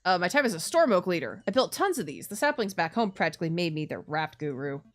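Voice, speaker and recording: A woman's voice: lowish voice, big pitch swings, fast talker. A woman voicing a blunt, rule-bound young man.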